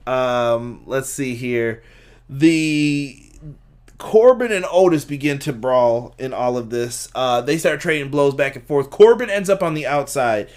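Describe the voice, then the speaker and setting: A man hosting a casual live-streamed wrestling review, recapping matches and reacting to chat. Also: medium pitch. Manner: animated recapper who acts out quotes and laughs at chat. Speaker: wrestling review podcast host.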